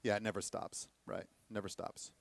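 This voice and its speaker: A man teaching a dance workshop to a class, animated and often checking that the students are following. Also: on the low side, moderate pace, gravelly, slightly rough, dry recording. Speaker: dance instructor.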